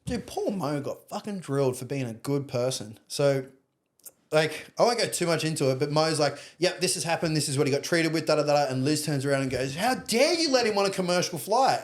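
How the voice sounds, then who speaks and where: A young Australian man telling a story in casual chat, animated, acting out other people's lines and swearing casually. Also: fairly high pitch, brisk. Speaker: podcast guest.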